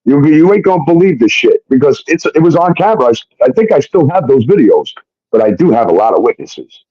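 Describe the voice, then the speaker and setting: A man's voice: a little high, sing-song, brisk, dark tone, no room sound. Give me a man rambling bluntly through a story, recorded a bit muffled and dry. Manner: rambling and blunt, heavy on fillers and swearing. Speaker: guest telling a personal story. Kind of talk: casual storytelling.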